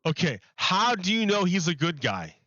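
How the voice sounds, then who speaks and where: Man streamer, a bit high and bright, restarts his sentences a lot, dry and slightly dull mic. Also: very animated, normal speed, no room sound. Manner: rambling, repeats and restarts phrases while building an argument. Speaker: livestreamer. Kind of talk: casual live-stream talk to chat.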